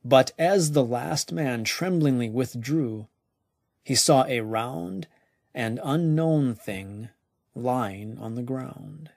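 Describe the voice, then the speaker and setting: A man narrating a weird tale slowly and deliberately, his voice dropping now and then to a hushed near-whisper. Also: mid-range voice, no room sound, clean studio sound. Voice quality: gravelly. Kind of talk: slow scripted story narration.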